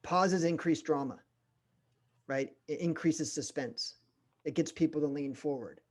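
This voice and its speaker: A middle-aged sales trainer with a slightly high voice leads his session in an animated way, changing his pace and using pauses for emphasis.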